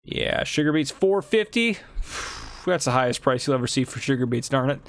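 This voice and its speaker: A man hosting a farming game video, chatting casually and thinking out loud as he does sums and plans his next moves. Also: mid-range voice, lively intonation, moderate pace, no echo, studio quality. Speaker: gameplay video host. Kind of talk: casual gameplay commentary.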